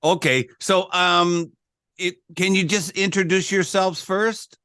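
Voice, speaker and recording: A man's voice: sits high, fairly even intonation, takes it slowly, sharp tone, clean tone, dry recording, clean studio sound. A man hosting a casual radio interview, chatty and stumbling a little over guests' names. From United States. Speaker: radio show host.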